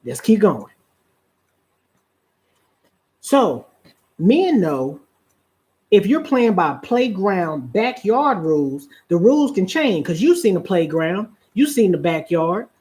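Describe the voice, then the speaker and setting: A woman of medium pitch lectures her audience about relationships on a live stream. She drawls her key phrases slowly. She keeps checking in with her listeners through rhetorical questions, and her delivery is preachy. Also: big pitch swings, mellow. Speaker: relationship advice speaker.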